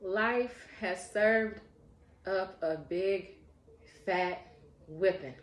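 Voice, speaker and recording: A woman with a mid-range voice speaks very slowly in an echoey room. She gives a casual spiritual tarot reading, heartfelt and encouraging, often breaking into laughter.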